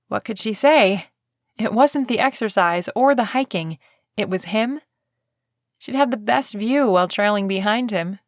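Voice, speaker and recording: Audiobook narrator: woman, mid-pitched, steady storyteller, dry booth sound. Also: a little slow, no echo.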